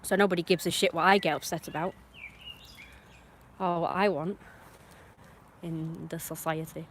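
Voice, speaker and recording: A woman ranting on her livestream in a blunt, rambling way, swearing often and swinging between muttering and loud outbursts. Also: lowish voice, fairly even intonation, moderate pace, slight background noise. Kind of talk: casual livestream rant.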